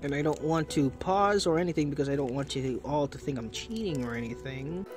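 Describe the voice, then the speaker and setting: A man's voice: on the high side, expressive, brisk, music in the background. A man with the hiccups doing chatty, easily delighted commentary while opening trading card packs and thinking aloud. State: has the hiccups. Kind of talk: casual unboxing commentary.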